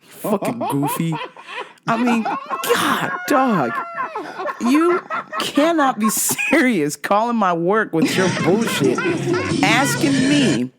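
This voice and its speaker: A woman's voice: fairly high pitch, very noisy. A woman host talking casually and bluntly to her audience, swearing freely and laughing at a caller. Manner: slow, animated delivery. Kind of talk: casual vlog monologue.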